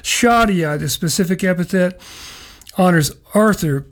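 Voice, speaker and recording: A man's voice: high voice, animated, unhurried. Middle-aged guy rambling folksy about nature, chuckles here and there. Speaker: radio show host. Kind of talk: casual spoken nature segment.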